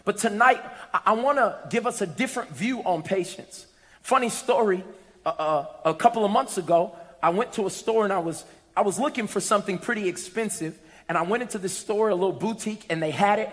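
High-voiced preacher in a reverberant hall. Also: male voice, fairly quick. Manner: storytelling, rising to shouted exhortation. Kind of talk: sermon. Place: church sanctuary. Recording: long reverb of a large hall.

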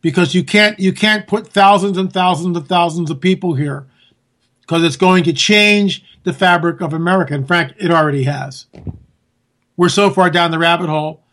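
A man delivering a sarcastic, animated political monologue, talking straight to his listeners as folks. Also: high voice, normal speed.

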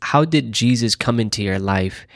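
A man's voice: mid-range voice, lively intonation, moderate pace, dry recording. A man interviewing a guest and asking about her life after her conversion. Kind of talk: interview questions.

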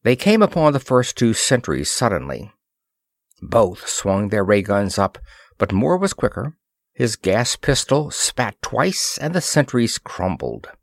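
A man reading an adventure story aloud in a measured narration. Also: lowish voice, sing-song, creaky, no room sound, studio quality.

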